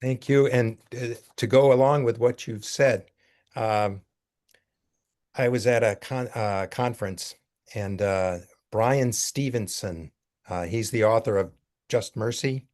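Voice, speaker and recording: An older man telling a story in a casual talk, earnest and halting, with many fillers. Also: mid-range voice, a little mellow. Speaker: speaker taking questions.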